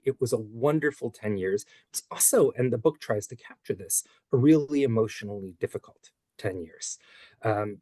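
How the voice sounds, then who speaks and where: A man in his forties, an author and former public defender, giving earnest, measured interview answers. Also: medium pitch, a little mellow, dry recording.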